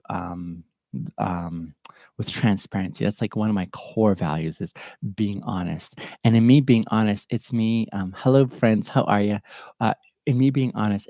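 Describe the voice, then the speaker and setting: An earnest middle-aged man talks straight into the mic in a reflective solo podcast, voice sitting on the low side. He sounds openly emotional and a little stuffed up, sniffing now and then. The sound is close and dry. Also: dark tone, dry recording. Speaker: podcast host.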